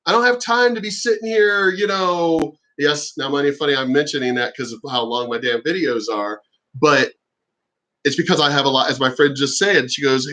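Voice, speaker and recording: A man ranting on his own vlog, profane and exasperated, now and then mocking others in shrill voices. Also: normal speed, sharp tone, poor audio. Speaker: channel host.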